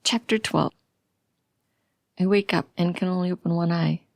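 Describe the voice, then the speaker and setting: Woman, first-person thriller audiobook narrator, tense delivery, low gravelly voice, dry close sound. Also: steady tone, moderate pace, a little mellow, no room sound. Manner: tense, anxious.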